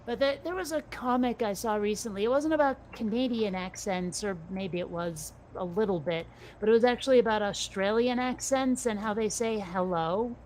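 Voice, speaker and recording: A woman co-hosting a casual chat, talkative and quick to swear, often restarting her sentences. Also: medium pitch, darkish tone, a little hiss or hum.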